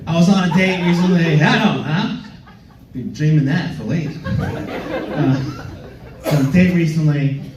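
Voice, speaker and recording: Young male stand-up, playful and self-mocking, high-pitched, echoey live-room mic with faint club ambience. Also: measured pace, long pauses, lo-fi sound, background noise. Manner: playful, self-mocking, slips into goofy voices. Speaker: stand-up comedian. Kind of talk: stand-up comedy set. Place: comedy club stage. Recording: roomy club sound from a distance.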